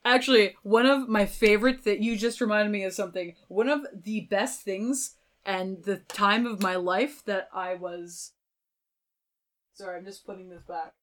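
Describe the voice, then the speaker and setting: Speaking at medium pitch and a moderate pace, a young woman violinist chats as a podcast guest. Her storytelling is lively and casual, full of filler words in a relaxed interview.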